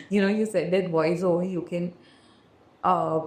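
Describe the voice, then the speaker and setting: A woman's voice: fairly low pitch, fairly even intonation, takes it slowly, a little mellow, reverberant. A woman hosting a podcast, talking in a loose, rambling way. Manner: rambling, many fillers, laughs often. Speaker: podcast host. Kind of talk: casual interview chat.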